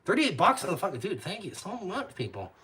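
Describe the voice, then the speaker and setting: Man, bright forceful voice, profane live-stream rant, loud bursts then quiet mutters. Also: wildly swooping pitch, fairly quick. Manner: blunt and heavily profane, swinging between loud outbursts and low muttered asides. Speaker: YouTube channel host.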